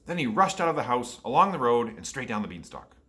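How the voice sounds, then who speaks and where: A man's voice: mid-range voice, very animated, fast talker, fairly bright tone. A man reading a picture book aloud to children and asking them questions along the way. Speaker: storyteller for children.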